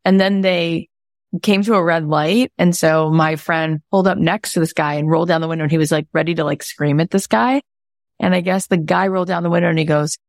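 A woman's voice: brisk, dry recording, studio quality. A woman hosting a podcast, chatting casually and animatedly, telling a friend's story. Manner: animated, jumps into high voices for quotes. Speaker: podcast host. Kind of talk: casual chat.

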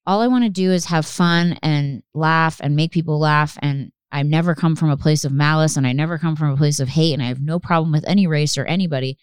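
A woman's voice: sits low, brisk, hardly any pauses, smooth, no room sound, clean studio sound. A young woman hosting her own podcast, rambling and swearing casually with lots of fillers and restarts. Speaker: podcast host. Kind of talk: casual solo podcast chat.

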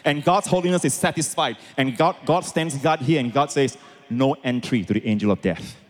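A man preaching a sermon as pastor, swinging between quiet explanation and loud, shouted emphasis. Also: medium pitch, moderate pace. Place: large church auditorium with congregation.

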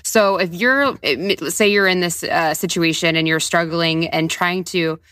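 A woman's voice: fairly low pitch, unhurried, a bit bright, dry recording, studio quality. A woman hosting a casual interview, asking loose, filler-filled questions and laughing along. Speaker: podcast host.

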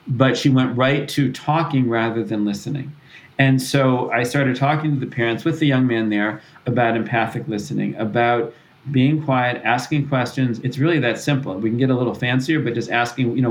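A man's voice: medium pitch, normal speed, low-quality recording. A man answering interview questions as a parenting author, earnest and explanatory, often restarting his sentences. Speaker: author and parenting expert guest.

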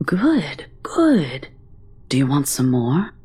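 A woman's voice: extremely low pitch, sing-song, slow pace, darkish tone, slightly rough, full character voice. A woman voicing an eager, coaxing male candy shopkeeper in a storybook reading. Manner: coaxing, wheedling.

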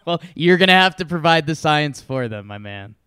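A man's voice: fairly high pitch, lively intonation, moderate pace, pushed and bright, clear, resonant tone, no echo, studio quality. A man co-hosting a podcast, trading casual sports talk in short, laid-back replies. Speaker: podcast co-host.

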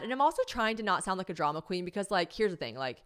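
A woman hosting a podcast, telling a story in a casual, animated and dramatic way, speaking straight to her listeners with many fillers and restarts. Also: fairly low pitch, fast talker, smooth. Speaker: podcast host.

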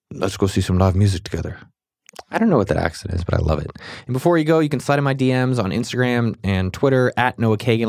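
A man's voice: on the low side, no echo, clean studio sound. A man hosting a podcast, talking casually and animatedly with frequent restarts. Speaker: podcast host. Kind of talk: casual interview chat.

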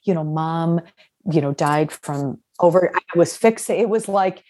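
A woman's voice: low voice, a little slow, warm tone. A woman guest on a podcast, talking candidly in rambling runs as her voice starts to give out. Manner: rambling, restarts, many fillers. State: losing her voice. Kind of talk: candid conversation.

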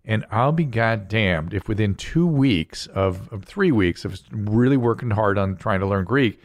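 A man's voice: lowish voice, lively intonation, measured pace. An older man hosting a podcast in casual chat, rambling and often breaking off mid-sentence. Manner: rambling, self-interrupting. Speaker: podcast host.

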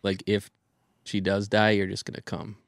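Man, podcast co-host, low voice, gravelly, relaxed storytelling. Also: normal speed, no echo, studio quality. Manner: relaxed storyteller, backchannels a lot. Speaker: stand-up comedian, podcast co-host. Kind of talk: casual chat.

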